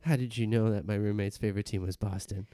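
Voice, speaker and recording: A man's voice: lowish voice, fast talker, dry recording, studio quality, voice pushed down, lightly acted. A man improvising an eager, naive young clerk who boasts that he can do anything. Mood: accusing. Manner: earnest, excitable, boastful. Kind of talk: improv comedy.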